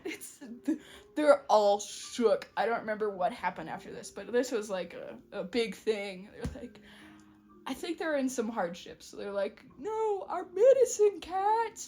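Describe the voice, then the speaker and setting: A woman in casual podcast chat, recapping a book plot, giggling often and acting out quick character voices. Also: medium pitch, lively intonation, a little mellow, faint music behind. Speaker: podcast co-host.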